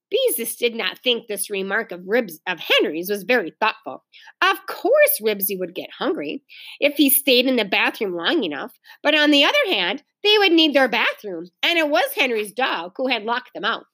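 Woman teacher, reading aloud to kids, questioning and explaining, bright voice, very animated. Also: fairly high pitch, moderate pace. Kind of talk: read-aloud storytelling with comments.

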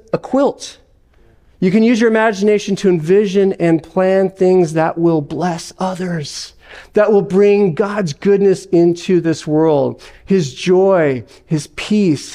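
A man's voice: sits high, a little mellow. A male pastor giving an earnest, reflective sermon with occasional fillers.

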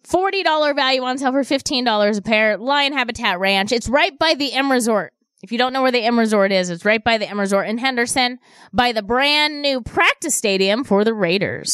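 High-voiced woman radio shopping host. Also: a bit bright, no echo, studio quality. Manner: repeats deals and prices, chatty asides. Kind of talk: upbeat radio deal pitch. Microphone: studio microphone.

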